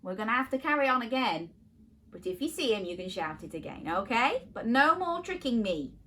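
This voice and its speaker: Young woman, children's phonics teacher, high bright voice, wildly swooping pitch. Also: a little fast, slight background noise. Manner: animated, sing-song, gasping with exaggerated surprise. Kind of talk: interactive lesson for young children.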